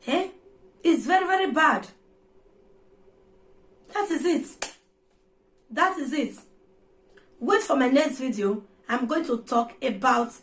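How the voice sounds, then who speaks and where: Scolding Nigerian woman, high voice. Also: fairly bright tone, slight background noise. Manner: scolding, preachy and repetitive; mixes Pidgin and Yoruba into her English. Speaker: vlogger. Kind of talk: ranting vlog monologue.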